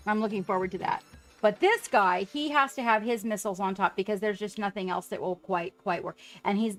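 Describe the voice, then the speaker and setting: A woman hosting a casual livestream, chatting excitedly as she paints miniatures and greets viewers by name. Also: mid-range voice.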